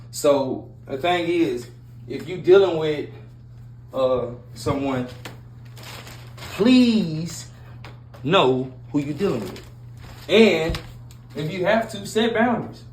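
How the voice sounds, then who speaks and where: Speaking in a casual monologue, a male relationship advice host with a slightly high, darkish voice comes across as blunt and preachy, repeating himself and leaning on street slang. The room is echoey, with a faint layer of noise.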